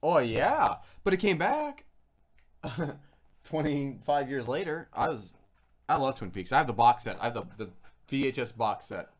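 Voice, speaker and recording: Animated, laughing man hosting a livestream. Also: mid-range voice, measured pace. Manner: animated storyteller who laughs often; acts out quoted voices while telling stories. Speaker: livestream host. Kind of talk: casual livestream chat.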